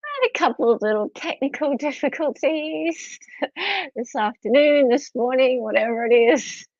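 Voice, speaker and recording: A woman's voice: high-pitched, normal speed, darkish tone, no echo. A middle-aged Australian woman hosting a casual livestream from home, chatty and giggly as she greets her viewers. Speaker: livestream host. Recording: slightly dull lo-fi audio.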